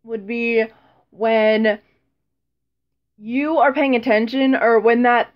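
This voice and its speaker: A woman's voice: fairly high pitch, fairly even intonation, takes it slowly, dull audio. A teenage girl chatting casually in a vlog, rambling and self-deprecating, with frequent ums and laughs. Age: teens. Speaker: vlogger.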